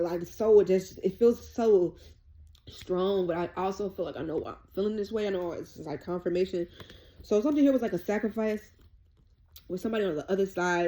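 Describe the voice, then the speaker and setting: A woman's voice: medium pitch, dark tone. A woman giving a rambling, colloquial tarot reading, emotional and tearful at times. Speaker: tarot reader.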